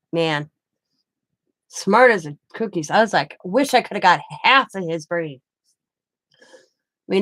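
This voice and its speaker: A woman in her forties with a fairly low voice chats casually as a craft channel host. Her voice sounds dry and close, with no room echo. She wanders from one anecdote to the next in a rambling, storytelling way. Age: 40s. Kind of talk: casual chat.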